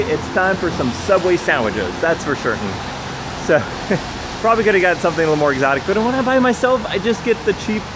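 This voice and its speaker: Male vlogger, upbeat and rambling, slightly high-pitched, recording outside in the rain with faint street noise. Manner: chatty, rambling and upbeat, laughing often. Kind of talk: casual vlog chat. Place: outdoors on a city street in the rain.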